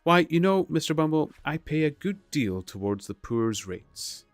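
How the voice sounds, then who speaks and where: A man's voice: on the high side, sing-song, measured pace, no room sound, faint music behind, pitched above the performer's own voice. A man voicing an agreeable, fawning middle-aged undertaker in a storybook reading, eager and soothing. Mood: ingratiating.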